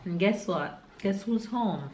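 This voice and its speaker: A woman's voice: mid-range voice, animated, slow, a little mellow, echoey room, a little hiss or hum. A woman with a Jamaican accent, vlogging casually from her home kitchen and teasing her partner. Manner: chatty, teasing, playful.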